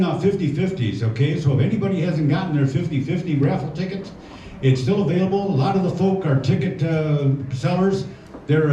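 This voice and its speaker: An older man emceeing a live variety show, chatty and halting with many fillers. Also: on the high side, dark tone, slight background noise. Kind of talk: live stage announcing. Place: community hall with an audience. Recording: echoey hall, distant lo-fi room mic.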